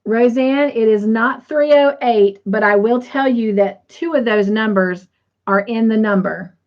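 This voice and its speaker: Slow-talking woman hosting a livestream. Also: fairly high pitch. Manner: chatty, says "y'all", reads comments aloud. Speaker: livestream host. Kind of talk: casual livestream chat, reading viewer comments. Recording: slightly dull lo-fi stream audio.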